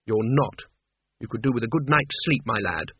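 A man doing a brisk, bossy young woman. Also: medium pitch, animated, slightly rough, no echo. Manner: brisk and scolding. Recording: tinny narrow-band dry recording.

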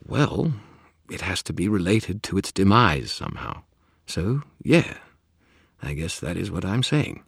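A man's voice: low-pitched, very animated, measured pace, vocal fry, husky, no room sound, clean studio sound, voice pushed up, full character voice. A man reading an audiobook and voicing a chatty, know-it-all male spirit who rambles and wisecracks. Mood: matter-of-fact. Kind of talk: audiobook character voice.

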